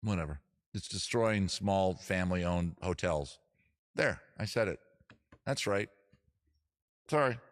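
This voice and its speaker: A man's voice: sits low, takes it slowly, pauses often. A man hosting a music livestream from home, chatting in a rambling, jokey, self-deprecating way. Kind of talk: casual livestream chat.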